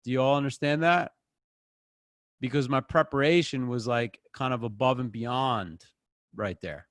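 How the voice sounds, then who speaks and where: Casual male acting teacher, animated, dry close-miked sound. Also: medium pitch, unhurried, no echo. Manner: casual, animated, acts out quotes. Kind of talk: online acting class. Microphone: close microphone.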